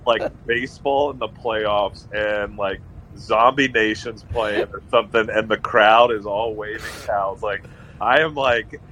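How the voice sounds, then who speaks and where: A man's voice: mid-range voice, a little hiss or hum, poor audio. A man co-hosting a casual sports podcast, telling stories with lots of "like" and laughing at himself. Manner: animated storyteller, says "like" often, laughs at himself. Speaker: podcast co-host.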